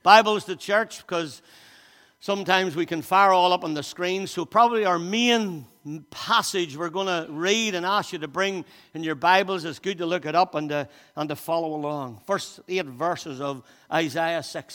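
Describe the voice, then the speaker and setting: A man's voice: high-pitched, normal speed, fairly bright tone. A man preaching a sermon in a church, reading scripture aloud and speaking with emphasis, often repeating and restarting his words. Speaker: pastor. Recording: long reverb of a church hall.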